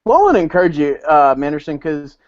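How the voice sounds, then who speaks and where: Earnest, gentle man, dry lo-fi sound. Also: on the high side, very animated, fast, no echo. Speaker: podcast co-host, father. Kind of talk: casual podcast chat.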